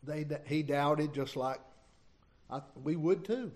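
A middle-aged man preaching an informal sermon, reading scripture and retelling it in a folksy, halting way. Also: a little high. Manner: folksy, halting, many restarts and asides.

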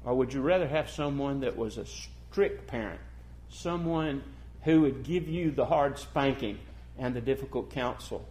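A male preacher delivering a sermon, asking the listeners questions and swinging from loud, emphatic declarations to hushed, intimate passages. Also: mid-range voice, a little slow. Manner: asks the congregation rhetorical questions.

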